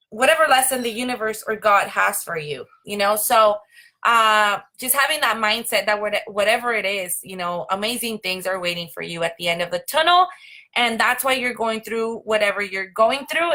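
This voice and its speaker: A woman's voice: on the high side, bright, forceful tone. A young woman hosting a casual live stream, chatty and full of "like" and "um". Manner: chatty, many fillers like "like" and "um". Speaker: host.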